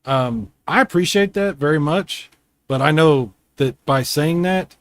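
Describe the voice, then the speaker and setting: A man hosting a casual video game chat from home, rambling and quick to laugh. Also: fairly high pitch, lively intonation, a bit bright, dry recording. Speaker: host.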